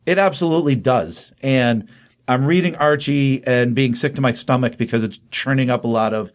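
A man's voice: mid-range voice, normal speed. A man co-hosting a podcast, casually retelling a comic's story in a rambling way, slipping into quoted lines as he goes. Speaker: podcast co-host. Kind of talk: casual chat recapping comics.

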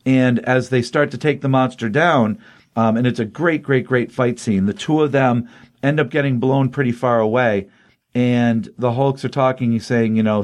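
A man casually retelling a comic book plot on a podcast, talking quickly with frequent ums. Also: mid-range voice. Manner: fast, rambling retelling with filler ums. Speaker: podcast co-host.

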